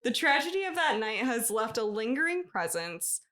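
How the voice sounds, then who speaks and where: A woman's voice: fairly high pitch, sing-song, moderate pace, bright, forceful tone. A woman co-hosting a podcast, reading a ghost story in a loose, chatty way and often breaking into laughter. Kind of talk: casual podcast chat, reading a written story.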